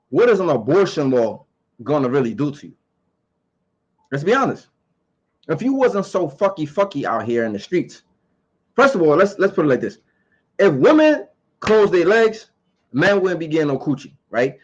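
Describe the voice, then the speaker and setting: A man's voice: a little high, slightly rough, highs cut off. A man giving his opinions in a casual monologue to camera. He talks emphatically, repeats his points and asks rhetorical questions.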